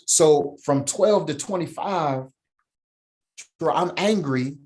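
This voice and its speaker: A middle-aged man speaks as a podcast guest, emphatic and heartfelt. His voice sits in an ordinary middle pitch, and he keeps punctuating his story with "right?" and "man". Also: unhurried, a little mellow. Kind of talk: personal storytelling in an interview.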